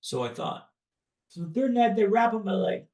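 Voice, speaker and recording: A man from Canada, a podcast guest, telling a personal story in a dramatic, paced way with pauses. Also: high voice, very animated, a little mellow, echoey room.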